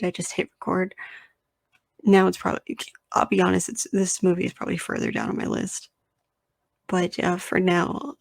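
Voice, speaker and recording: A woman's voice: mid-range voice, gravelly, no room sound. A young woman hosting a casual solo podcast, talking bluntly and with lots of swearing as she rambles through her opinions. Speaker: podcast host.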